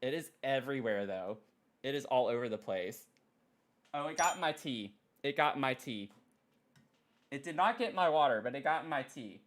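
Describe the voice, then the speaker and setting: A man streaming casually at his desk mic, excitable and giggly, cooing softly to his pet between thanks to viewers. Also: mid-range voice, normal speed. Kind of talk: casual live-stream chat. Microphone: desk microphone.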